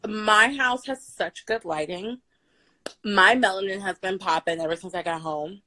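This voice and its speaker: A young woman from Florida telling a true story on a live stream, loud, bubbly and playful, swearing freely. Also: mid-range voice, a little slow, rough recording. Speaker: guest storyteller.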